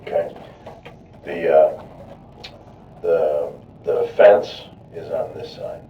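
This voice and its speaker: A deep-voiced male detective questions a suspect in short, calm prompts, steering the account step by step. He sounds far from the microphone in an echoey room, on a lo-fi recording with a faint hiss. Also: drawn-out words. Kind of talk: police interrogation questioning. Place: police interrogation room.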